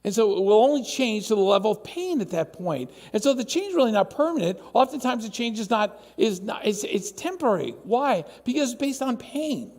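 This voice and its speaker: Lively high-voiced pastor in a hall. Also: male voice, brisk, hardly any pauses. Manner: animated, acts out quoted voices. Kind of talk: sermon. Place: church sanctuary.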